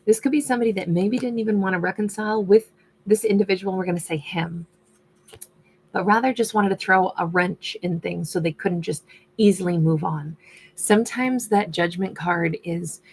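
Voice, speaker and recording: A woman's voice: medium pitch, moderate pace, breathy edge. A woman doing a casual tarot reading who thinks aloud and is losing her voice. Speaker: tarot reader.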